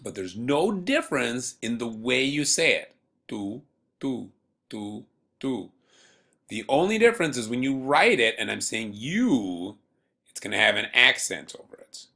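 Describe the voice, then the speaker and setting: A man teaching a beginner Spanish lesson to students at home, speaking patiently and slowly and repeating words for learners. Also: fairly low pitch, vocal fry, bright, forceful tone. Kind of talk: recorded remote classroom lesson.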